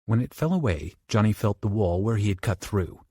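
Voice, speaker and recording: Low husky male audiobook narrator. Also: brisk, no room sound, clean studio sound. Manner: dramatic, with lively shifts into character voices.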